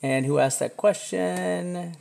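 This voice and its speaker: A man hosts a trading live stream, talking casually over charts in a high, slow, creaky voice. He's chatty and pokes fun at himself, breaking into bursts of excitement.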